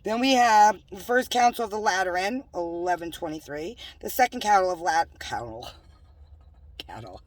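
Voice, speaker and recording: A woman's voice: mid-range voice, a little fast, hardly any pauses, no echo, far from the mic. A woman preaching in a home-made religious video, emphatic and scolding, with joking asides. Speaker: self-styled religious preacher.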